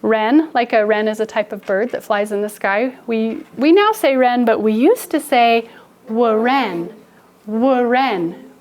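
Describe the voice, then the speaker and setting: Slow, playful kindergarten-style teacher woman. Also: on the high side, a little mellow. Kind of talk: phonics lesson for young kids. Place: classroom with kids.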